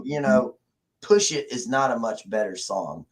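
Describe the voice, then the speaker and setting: A man's voice: mid-range voice, animated, unhurried, breathy edge. A man hosting a casual livestream, rambling and swearing as he greets viewers in the chat. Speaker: livestream host.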